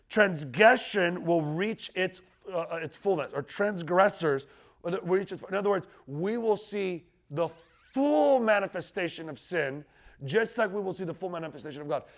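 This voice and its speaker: A man teaching the Bible about the end times to a live group, talking conversationally and checking in with his listeners. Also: high-pitched. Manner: conversational, checks in with the room, quotes scripture with rising emphasis. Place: teaching room with a live audience.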